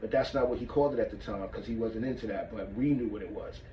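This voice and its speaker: A man's voice: on the low side, fast talker, a little hiss or hum. Echoey man demonstrating martial arts breathing. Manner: casual, demonstrates as he talks, checks in with "all right?". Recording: echoey room, mic far off, muffled.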